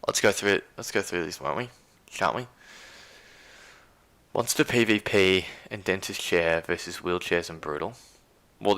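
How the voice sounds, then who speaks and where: A man's voice: deep voice, pushed and bright. A man with an Australian accent hosting a casual live stream, rambling and incredulous as he reads chat aloud. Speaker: stream host.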